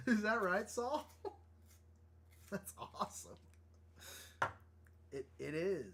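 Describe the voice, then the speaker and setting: Man, young adult, live-stream artist, casual chatty, laughs a lot, slightly high pitch, very animated intonation. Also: slow pace, breathy edge. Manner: chatty, laughing, thinking aloud. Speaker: livestream artist. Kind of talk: casual live-stream chat while drawing.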